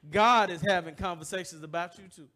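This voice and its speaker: A male pastor preaching a lively, humorous sermon in a church, asking the congregation to finish his sentences. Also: sits high, a little fast. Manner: animated, call-and-response, humorous.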